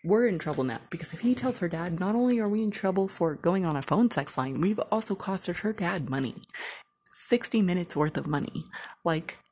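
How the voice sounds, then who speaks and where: A woman's voice: on the low side, animated, fairly quick, darkish tone, a little hiss or hum. A woman casually telling a candid, profane story, full of "like" and blunt asides. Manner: candid, profane, heavy use of "like".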